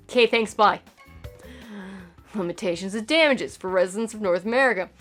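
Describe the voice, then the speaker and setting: A woman host reading a game manual aloud for comedy, breaking in with sarcastic, profane asides. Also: medium pitch. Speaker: channel host.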